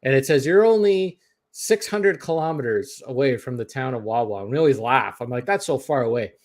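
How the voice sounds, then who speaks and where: A man's voice: mid-range voice, expressive, a little fast, darkish tone. A Canadian man with a Canadian accent, telling a long story in casual podcast chat, full of fillers and restarts. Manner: rambling, many fillers and restarts.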